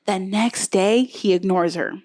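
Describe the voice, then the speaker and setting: A woman's voice: medium pitch, unhurried. A young woman co-hosting a podcast in casual chat, animatedly retelling a reality show and acting out the quotes. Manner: animated storyteller, acts out quotes, frequent "like". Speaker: podcast co-host.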